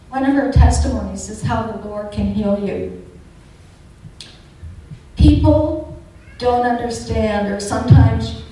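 A woman's voice: medium pitch, dark tone. Older woman telling her faith testimony in an echoey room. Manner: earnest, chatty storytelling with fervent emphasis. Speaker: churchgoer giving a testimony. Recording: echoey room from a distance, faint noise.

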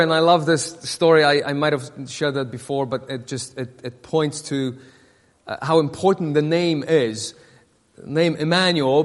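Pastor guy, high voice, stumbles and repeats himself a lot, church sermon w/ long echo. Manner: halting, repeats words, many fillers. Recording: long reverb of a hall.

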